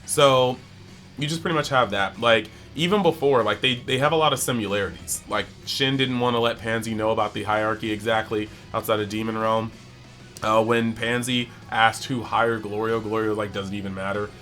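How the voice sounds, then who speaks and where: Male anime reviewer, bright tone, loose and chatty, acts out quotes as he goes. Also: fairly low pitch, soft background music. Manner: animated, acts out characters' lines in quick bits; chatty, heavy use of "like". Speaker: anime review channel host. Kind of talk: casual episode breakdown.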